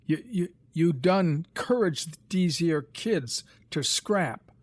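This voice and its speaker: A man's voice: a little high, animated, slow pace, no echo, pitched above the performer's own voice. A man reading aloud, voicing a sarcastic older stable hand who scolds fighting boys. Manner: loud, scolding, heavy dialect.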